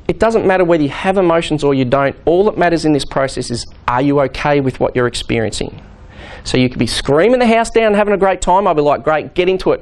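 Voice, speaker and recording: A man talks quickly to a workshop group in a fairly high voice. He explains things in a lively way, often acting out what people say. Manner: fast, animated, acts out quoted voices. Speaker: physiotherapist workshop leader. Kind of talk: workshop instruction.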